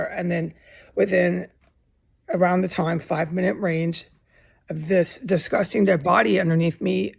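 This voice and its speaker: A woman's voice: fairly low pitch, creaky, a little mellow, breathy edge. A woman ranting in an agitated, indignant vlog full of profanity. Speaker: vlogger.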